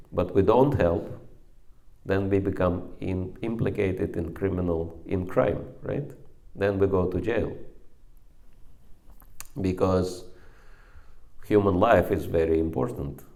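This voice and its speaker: A man with a Russian accent giving a sermon as a monk preacher, measured and hesitant, pausing between phrases. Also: sits low, gravelly, darkish tone. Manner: slow, measured, with pauses and hesitations.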